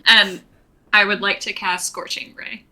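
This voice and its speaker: A woman's voice: medium pitch, fairly even intonation, unhurried, pushed and bright, low-quality recording. A woman playing a tabletop game, speaking hesitantly with fillers while she works out her spell and rolls. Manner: hesitant, many fillers and restarts. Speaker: player.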